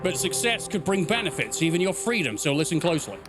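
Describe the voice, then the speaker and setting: A man voicing a hoarse, raspy female inquisitor sealed in an iron coffin, making cold, solemn pronouncements over loud game music. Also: sits high, sing-song, quick pace. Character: stern female High Confessor sealed in a bleeding iron coffin. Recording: game music playing loudly behind.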